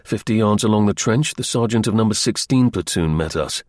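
A man reading a first-person story aloud as an audiobook narrator, in a measured, wry storytelling manner. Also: lowish voice, expressive, a little mellow, dry recording, studio quality.

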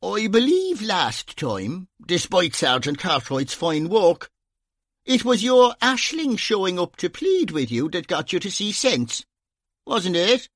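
A man's voice: high-pitched, big pitch swings, slow, a bit bright, dry recording, voice pushed up, heavily acted. A man with an Irish accent voicing a wry, teasing Dublin police officer who talks in dry, sardonic banter.

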